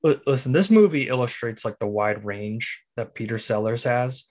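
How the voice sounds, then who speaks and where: A man at a mid pitch, co-hosting a podcast and talking casually about a film. He explains the plot at length to set up each clip. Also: normal speed, darkish tone. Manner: explains plot and sets up clips. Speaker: podcast co-host.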